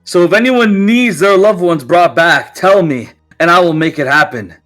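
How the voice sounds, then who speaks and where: A man's voice: high voice, normal speed, a bit bright, soft background music. A man voicing a boastful father figure who proclaims his powers to a crowd in a tabletop game. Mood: proclaiming. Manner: grand proclaiming.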